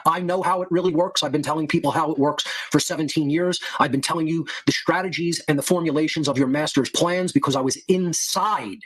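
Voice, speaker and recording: Husky man in a contemptuous rant. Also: a little high, fairly even intonation, brisk, few pauses, fairly bright tone. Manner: insulting with profanity. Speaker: podcast host. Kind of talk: heated podcast monologue.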